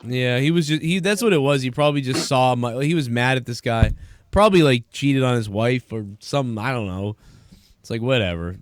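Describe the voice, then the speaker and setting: A man in his thirties tells a bar story in casual chat and swears freely. He acts out the other people's lines as he goes. His voice is smooth and resonant, and the sound is dry and close. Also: medium pitch, a little fast, no room sound. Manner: profane, animated storyteller acting out quotes. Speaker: podcast host.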